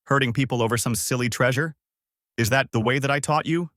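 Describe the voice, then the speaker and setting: A man's voice: medium pitch, a little fast, fairly bright tone, dry recording, clean studio sound, lightly acted. A man voicing a lecherous, playful old male martial arts master with a drawling, hesitant delivery.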